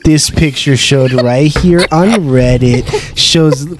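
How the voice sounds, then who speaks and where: A man doing an impression of a dramatic countdown-video narrator, with a drawn-out, announcing delivery. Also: on the high side, a crowd in the background. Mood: mock-dramatic. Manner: drawn-out, announcing delivery, louder than his own talk.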